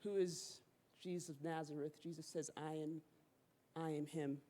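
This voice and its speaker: A low-pitched woman preacher speaks at normal speed while telling a sermon story in a church sanctuary. Her style is relaxed and full of slang, and she brings to life each person she quotes in an animated way.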